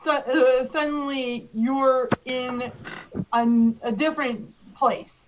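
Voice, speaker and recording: A woman running a tabletop game as game master, describing scenes haltingly with frequent ums and likes. Her voice is high and her pace slow. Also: fairly even intonation, dull audio, noisy background. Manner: hesitant, lots of ums and likes.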